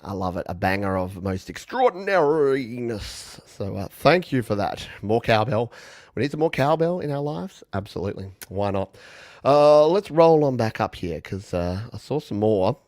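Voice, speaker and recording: A man's voice: lowish voice, very animated, moderate pace, a little mellow, no echo, studio quality. A man who plays viewers' song requests on guitar, chatting casually between songs in a rambling, self-mocking way with plenty of fillers and chuckles.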